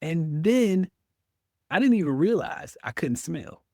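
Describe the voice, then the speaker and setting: A man's voice: fairly high pitch, sing-song, slow pace, warm tone, dry recording, clean studio sound. A man, a veteran guest telling his story in an interview, acting out his own past words.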